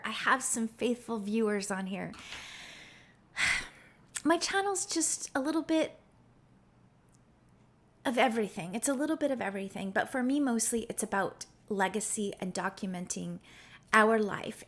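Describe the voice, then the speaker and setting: A woman in her fifties vlogging to camera in a casual, heartfelt talk, reflective and emotional, rambling with restarts. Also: medium pitch. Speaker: YouTube vlogger.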